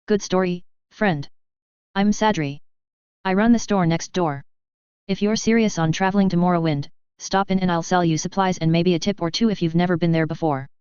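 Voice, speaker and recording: A woman reading aloud, voicing a calm, shrewd male shopkeeper who speaks gently. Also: fairly low pitch, smooth, no room sound, highs cut off, natural voice. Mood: friendly. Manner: gentle, soothing, measured.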